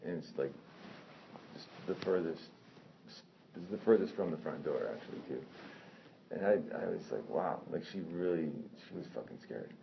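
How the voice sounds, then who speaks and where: A man telling a personal story in a casual, animated way, swearing often and correcting himself as he goes. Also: extremely low pitch, moderate pace, gravelly. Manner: animated, profane, rambling with self-corrections. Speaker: storyteller recounting a personal incident. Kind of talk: casual spoken anecdote. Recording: dull lo-fi sound with faint noise.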